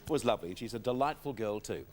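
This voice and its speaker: A man's voice: mid-range voice, animated, rapid-fire, a little mellow. An Australian man hosting a television talk show, chatting and telling anecdotes with his guest. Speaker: TV variety show host.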